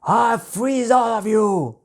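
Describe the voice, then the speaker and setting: A woman voicing a huge, angry male ice dragon king who booms and shouts his lines in a storybook reading. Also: moderate pace, creaky, husky. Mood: furious. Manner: booming, shouting.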